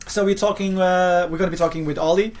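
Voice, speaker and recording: A man's voice: sits high, fairly even intonation, fast talker. A man with a Portuguese accent hosting a podcast interview in a playful, laughing, casual chat, often repeating himself. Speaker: podcast host. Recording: faint background noise.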